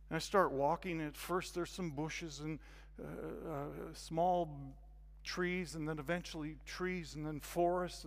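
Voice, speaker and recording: Animated male preacher in a reverberant hall. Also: on the high side. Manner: animated, acts out scenes with sudden loud bursts. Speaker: guest speaker. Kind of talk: storytelling sermon.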